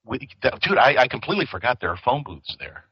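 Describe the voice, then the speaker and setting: A man co-hosting a podcast, telling stories in casual chat, animated, swearing a lot and laughing often. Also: mid-range voice, fast talker, slightly rough, dry recording, lo-fi sound. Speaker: podcast co-host.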